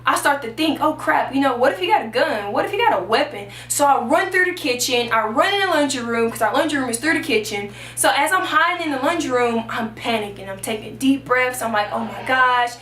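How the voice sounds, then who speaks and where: A young woman from Texas tells a storytime for her channel, high and bright in tone. She jumps into the voices of everyone she quotes. The sound is echoey, with the mic set a little away from her. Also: far from the mic. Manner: animated, acts out the quoted voices. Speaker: YouTuber. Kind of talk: storytime vlog.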